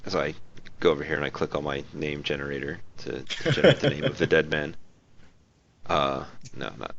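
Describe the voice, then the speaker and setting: A man's voice: very deep voice, a bit bright, a little hiss or hum. A man running a tabletop game as game master, teasing his players and laughing often. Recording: muffled lo-fi recording.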